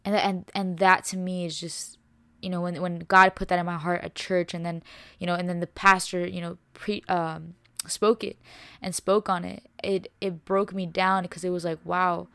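A woman's voice: lowish voice, little pitch movement, moderate pace, a bit bright, no room sound. A young woman hosting a faith podcast, preaching with passion and emphasis, repeating herself and dropping casual words like y'all and bro. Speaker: podcast host.

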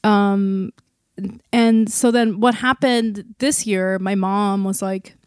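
A woman in her thirties telling a personal story on a podcast, animated and acting out the voices in it. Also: medium pitch, slow pace, clean tone, no echo, clean studio sound. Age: 30s. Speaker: podcast host. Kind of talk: casual podcast chat.

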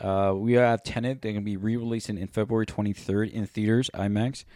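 A man's voice: fairly low pitch, steady tone, a little fast, darkish tone, no echo, studio quality. A man co-hosting a podcast in loose, rambling casual chat, swearing often. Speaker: podcast co-host.

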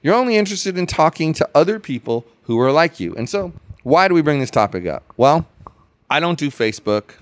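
A man rants on his podcast in a rambling, sarcastic way, his pitch swinging up and down with emphasis. He talks casually and restarts his sentences often. The recording is dry and close, with no room sound. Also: big pitch swings, fairly quick, no echo. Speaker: podcast host. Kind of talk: casual ranting chat.

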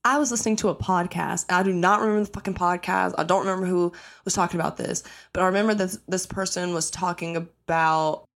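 A young woman hosting her own podcast, ranting casually and bluntly with lots of swearing, jumping into high mock-outraged bursts. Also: fast talker. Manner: blunt, profane, animated, breaks into high-pitched mock outrage. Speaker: podcast host. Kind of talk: casual solo rant.

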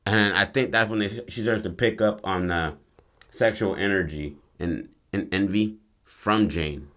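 A man's voice: low voice, unhurried, a bit bright. A man chatting casually, filling in details of a film story in laid-back, profane talk. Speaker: co-writer pitching a film story. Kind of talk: casual chat building on a story.

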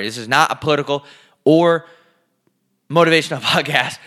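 A man's voice: on the high side, moderate pace, sharp tone. A man co-hosting a casual podcast from his living room, ranting profanely and emphatically, a little out of breath. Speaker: podcast co-host.

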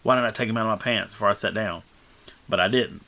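Guest storyteller, male, rambling and casual, bright tone. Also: fairly low pitch, fast talker. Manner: rambling, full of fillers and restarts. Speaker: guest telling his life story.

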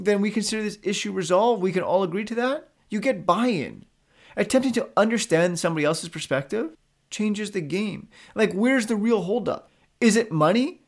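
Blunt, gravelly high-voiced man. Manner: blunt and profane, direct. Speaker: podcast host giving business advice. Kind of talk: monologue coaching.

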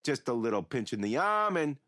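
An actor playing a rambling, mocking killer who taunts a captive priest in an audio drama. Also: male voice, medium pitch, sing-song, brisk, fairly bright tone, no room sound, clean studio sound. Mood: taunting.

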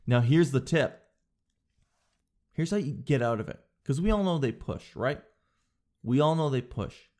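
A young man hosting a show, telling a comedic story and acting out store clerks in a high voice and his own answers low and slow. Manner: drops low and slow to demonstrate a flat no. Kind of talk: comedic monologue.

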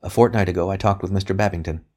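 Reading a novel aloud very fast, a man uses a deep voice with a darkish tone. He plays a young, earnest male priest, a careful-speaking, guarded courier, in this audiobook character reading.

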